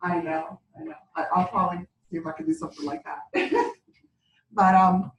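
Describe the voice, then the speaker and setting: A woman's voice: lowish voice, steady tone, moderate pace, lo-fi sound. A woman beauty consultant telling chatty stories at a sales meeting and laughing as she talks. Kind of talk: casual story-sharing at a sales meeting. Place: meeting room. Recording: echoey room, distant mic, faint background hum.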